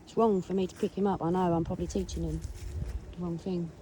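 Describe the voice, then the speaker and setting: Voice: medium pitch, level tone, quick pace, mellow. Chatty English-accented dog walker outdoors. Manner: chatty, rambling, talks to the dog between stories. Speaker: dog owner vlogger. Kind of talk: casual vlog storytelling. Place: outdoors on a rural walk. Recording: noisy outdoor recording with wind and traffic.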